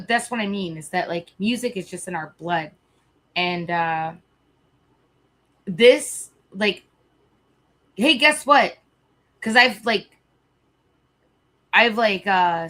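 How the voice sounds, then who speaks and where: Bright-voiced woman chatting on a live stream. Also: mid-range voice. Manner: rambling, swears freely, restarts sentences. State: a little emotional. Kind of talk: casual live-stream chat.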